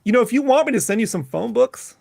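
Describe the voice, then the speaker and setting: A man's voice: extremely high pitch, lively intonation, quick pace, creaky, darkish tone, dry recording, studio quality. A man co-hosting a casual live-streamed podcast, teasing the others and laughing often. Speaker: podcast co-host.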